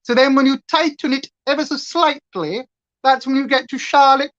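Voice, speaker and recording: A woman's voice: sits high, moderate pace, dull audio. A woman from Hampshire with a clipped, near-standard southern English accent, chatting casually and rambling on her makeup livestream with many fillers. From Hampshire, England. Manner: chatty, tangent-prone, lots of fillers. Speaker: livestream beauty host.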